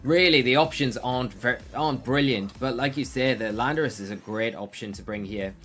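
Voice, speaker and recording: A man's voice: medium pitch, a little fast, a bit bright. A man commentating a competitive game match, breaking down plays analytically and thinking aloud with frequent restarts. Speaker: esports commentator.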